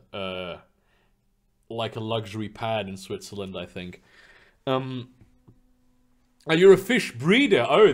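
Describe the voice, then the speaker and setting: A young man chatting casually on a live stream from his room, rambling and swearing freely with lots of fillers and restarts. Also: medium pitch. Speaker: streamer reading chat. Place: home room.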